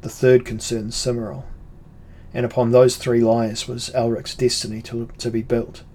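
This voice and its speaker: A man reads a fantasy audiobook, measured and unhurried. His voice sits at a plain middle pitch, and the storytelling is steady and deliberate. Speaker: audiobook narrator. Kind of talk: scripted fantasy narration.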